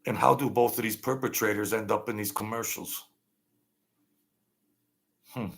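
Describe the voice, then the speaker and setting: A man's voice: fairly low pitch, fairly even intonation, normal speed, creaky, fairly bright tone. A man hosting a livestream political rant, sarcastic and mocking, repeating his points. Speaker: political commentary host.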